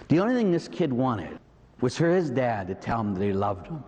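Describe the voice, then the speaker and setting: A middle-aged man with a Pittsburgh accent, a priest preaching a sermon in a church, animated, with rhetorical questions and asides to the congregation. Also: mid-range voice, fairly quick. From Pittsburgh, USA. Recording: long reverb in a large hall.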